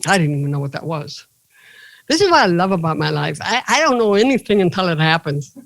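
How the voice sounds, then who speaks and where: A woman comedian and motivational speaker, a guest in an interview, telling animated stories with playful jokes. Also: on the low side, fairly quick, vocal fry, no room sound, low-quality recording. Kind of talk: casual interview storytelling.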